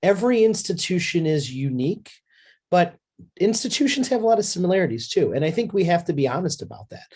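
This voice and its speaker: A man on a panel, thinking his points through slowly with small hesitations. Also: high voice, very animated, darkish tone, breathy edge. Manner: thoughtful, hesitant with fillers. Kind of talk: panel discussion.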